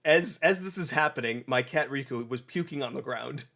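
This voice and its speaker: A young man hosting a casual review chat, retelling a game's story with lively acted-out snatches of dialogue. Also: medium pitch, gravelly. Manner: animated, acts out characters in quick snatches, many restarts. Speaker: game reviewer. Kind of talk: casual podcast chat, retelling a game plot.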